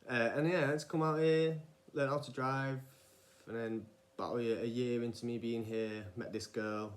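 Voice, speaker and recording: A man's voice: mid-range voice, steady tone, normal speed. A young man talking casually in a podcast-style monologue, rambling and often wandering off track. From England. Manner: rambling, digressive, many restarts and fillers. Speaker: vlogger.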